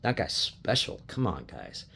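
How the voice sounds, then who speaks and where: A man's voice: sits low, huge pitch swings, unhurried, gravelly, bright, forceful tone, husky. A middle-aged man from Colorado, a sports fan, talking passionately to camera in an emotional rant, repeating himself, swearing, and getting choked up. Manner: impassioned, repetitive, swearing, restarts.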